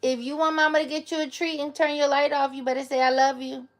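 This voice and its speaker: High gravelly woman cooing at her pets. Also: little pitch movement, quick pace. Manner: playful, coos at her pets in baby talk. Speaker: live streamer. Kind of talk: casual live-stream chat.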